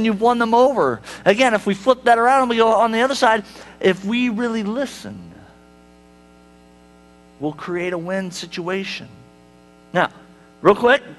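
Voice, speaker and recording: A man's voice: high-pitched, fairly bright tone. A male pastor preaching a sermon in a conversational way, with rhetorical questions to the congregation and wry humor. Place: church sanctuary.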